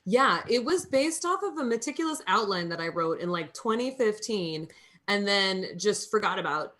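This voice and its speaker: A woman's voice: mid-range voice, animated, normal speed, a bit bright. Reflective woman explaining her film. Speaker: film director. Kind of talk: podcast interview.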